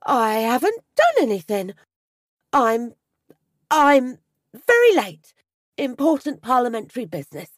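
Storybook role: a high, loud, stammering politician, put on by a woman, rattled and jumpy. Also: huge pitch swings, a little slow, long pauses, no room sound, studio quality, exaggerated voice. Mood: panicked. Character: nervous, stammering male politician. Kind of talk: storybook reading.

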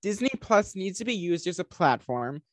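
A man guesting on a podcast, making an earnest point in a halting way. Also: high-pitched, big pitch swings, dry recording. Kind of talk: casual podcast chat.

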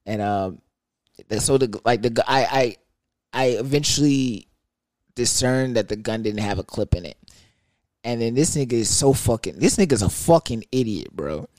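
A young man telling a casual story in an animated, profane, rambling way. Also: medium pitch, moderate pace, no echo, studio quality.

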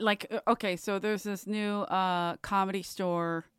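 A woman stand-up comic co-hosting a podcast, telling stories in a lively, laughing way. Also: mid-range voice, measured pace, clear, resonant tone, no echo, studio quality. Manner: laughing, animated storyteller. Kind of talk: casual comedic storytelling.

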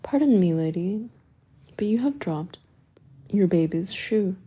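A woman reading a soft-voiced kind man. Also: sits high, expressive, unhurried, slightly rough, heavily acted. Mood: gentle concern.

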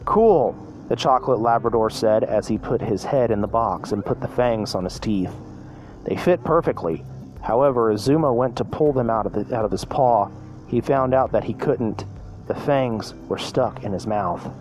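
A man's voice: lowish voice, moderate pace, a little mellow. Man reading a fan story aloud. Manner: plain reading with restarts.

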